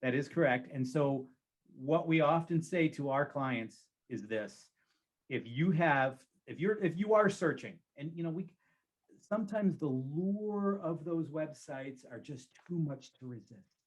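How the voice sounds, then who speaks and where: A man's voice: fairly high pitch, lively intonation, measured pace. A man who works as a real estate agent, giving advice in a conversational interview and repeating key phrases for emphasis.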